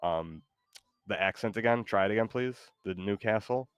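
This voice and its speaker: Man hosting a stream, lowish voice, halting and giggly, dry close sound. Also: smooth, no room sound, lo-fi sound. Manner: hesitant, giggly, lots of ums. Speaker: streamer host. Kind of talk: casual chat.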